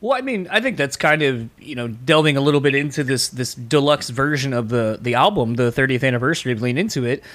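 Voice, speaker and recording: A man's voice: mid-range voice, animated, fast talker, few pauses, fairly bright tone. A man hosting a music interview show, talking casually and leaning hard on fillers as an enthusiastic fan. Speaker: podcast host.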